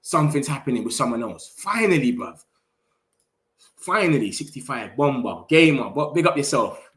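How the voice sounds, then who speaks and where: A young man hosting a casual live stream, chatting excitedly and in slang straight to his viewers. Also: medium pitch, moderate pace. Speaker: football livestream host.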